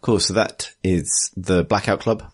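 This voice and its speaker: A British man with a low voice hosts a casual gaming podcast. He talks in a relaxed, easygoing way and drops in dry one-liners. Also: a little slow, slightly rough. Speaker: podcast host. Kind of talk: casual chat.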